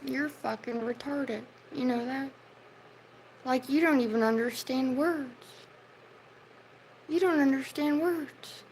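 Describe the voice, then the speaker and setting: Slow-talking woman ranting at her chat. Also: sits high, a little mellow, a little hiss or hum, low-quality recording. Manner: heated, profane, scolding. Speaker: livestreamer. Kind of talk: livestream rant at chat.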